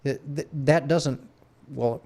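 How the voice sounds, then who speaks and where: A man co-hosting a casual podcast, talking in a laid-back way with swearing and halting restarts. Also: mid-range voice, steady tone, gravelly, mellow. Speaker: podcast co-host. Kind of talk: casual chat.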